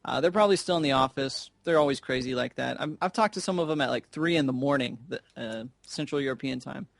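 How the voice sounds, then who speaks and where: A man's voice: medium pitch, fast, gravelly, no echo. A man casting an online game tournament in a chatty, rambling, joking way, talking into a headset. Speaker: esports caster. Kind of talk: casual game commentary.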